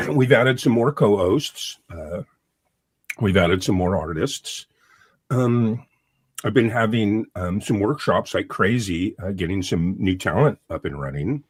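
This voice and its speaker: Male festival organizer guest, husky and low, dry close sound, rambling. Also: lively intonation, slow pace, no room sound. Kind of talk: casual chat.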